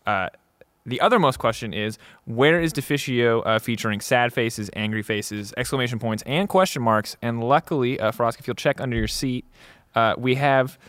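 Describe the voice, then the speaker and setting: A man's voice: mid-range voice, normal speed, no room sound. A man hosting an esports talk show, joking and steering segments in casual desk chat. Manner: joking, leads segments, trails off quietly.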